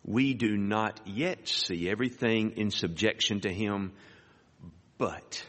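A man preaching a sermon. He reads scripture aloud and rises sharply in pitch on emphatic words. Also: slow pace, a bit bright. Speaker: pastor. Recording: hall reverb.

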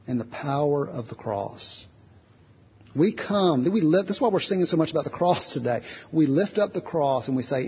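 A man preaching a sermon in a church in an earnest, repetitive cadence, acting out short prayers. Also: fairly high pitch. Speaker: pastor. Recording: husky voice, long hall reverb, dull lo-fi sound.

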